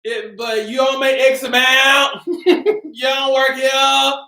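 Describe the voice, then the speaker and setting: A woman hosting a casual live stream, upbeat and greeting her viewers by name, sometimes calling out loudly. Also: sits high, little pitch movement, slow pace. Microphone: camera mic. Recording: roomy echo.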